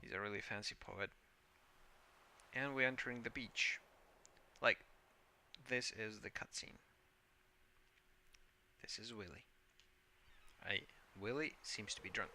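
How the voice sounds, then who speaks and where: Gravelly, bright-voiced man narrating gameplay. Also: fairly low pitch, a little slow, long pauses, slight background noise. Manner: rambling, hesitant, playful. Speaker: gameplay host. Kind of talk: casual game commentary.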